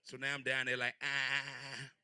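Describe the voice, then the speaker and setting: A man in his thirties works through a rambling stand-up set, his pitch swinging widely as he goes. His voice sits fairly high and bright, with a loose, crude storytelling manner. The sound is dry, with little room around it. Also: expressive, a little fast, no room sound. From Portsmouth, Virginia. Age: 30s. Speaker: stand-up comedian.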